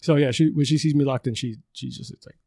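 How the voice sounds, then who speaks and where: A man's voice: mid-range voice, fairly even intonation, fast, vocal fry, warm tone, no room sound. A man hosting a podcast in a loose, casual chat, swearing often and laughing as he rambles. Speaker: podcast host.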